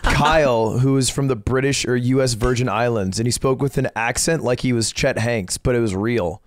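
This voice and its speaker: Deadpan young man with dry jokes. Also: mid-range voice, moderate pace. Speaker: podcast co-host. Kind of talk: casual chat.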